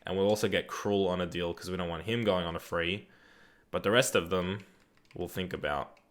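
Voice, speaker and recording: Young Aussie male streamer, slightly low voice, relaxed rambling chat with viewers, casual swearing. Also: normal speed. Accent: Australian. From Australia. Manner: reads viewer chat aloud and answers it. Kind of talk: live gaming stream chat.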